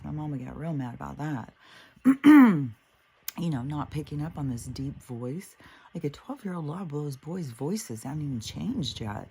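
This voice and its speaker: A woman's voice: deep voice, expressive, moderate pace, gravelly, dark tone, slightly rough. A middle-aged woman hosting a spiritual show, telling a story in a blunt, casual way that is full of swearing and fillers. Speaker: spiritual podcast host.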